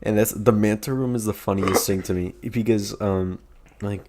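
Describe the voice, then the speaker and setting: A man's voice: fairly low pitch, fairly even intonation, moderate pace, background noise. A young man co-hosting a podcast, telling rambling stories in casual chat with lots of fillers and laughter. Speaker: podcast co-host.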